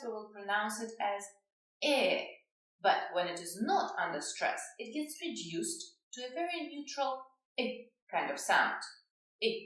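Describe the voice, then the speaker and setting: A woman teaching in English with a Russian accent, her pitch rising and falling a lot as she explains. She is recorded from a distance in a very echoey room. Her delivery is clear and careful. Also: fairly bright tone. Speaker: language teacher. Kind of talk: scripted lesson explanation.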